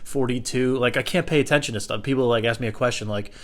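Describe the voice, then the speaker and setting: A young man talking in a loose, rambling stand-up style, full of "like" and profanity. He puts himself down often and jumps into loud, high-pitched voices whenever he quotes someone, then drops back to his ordinary, mid-pitched voice. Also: rapid-fire. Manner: rambling, profane, self-deprecating, full of fillers; breaks into loud high put-on voices when quoting people. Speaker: comedian.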